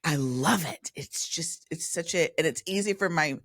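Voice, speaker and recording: A woman, a podcast guest chatting casually in an animated way, often breaking off mid-thought and mimicking voices. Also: deep voice, normal speed, no echo, studio quality. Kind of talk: casual conversation.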